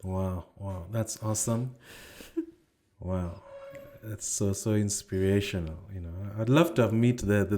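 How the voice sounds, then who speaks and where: A man hosting a podcast interview, talking in a relaxed way with frequent "you know" fillers. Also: lowish voice, measured pace, slight background noise. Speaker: podcast host. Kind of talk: casual interview.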